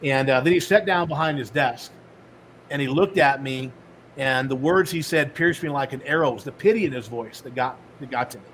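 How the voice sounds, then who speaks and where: A middle-aged man, a guest on a podcast, telling his life story with animated storytelling and acting out the dialogue. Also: medium pitch, fairly quick, slight background noise, rough recording. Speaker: podcast guest, author and speaker.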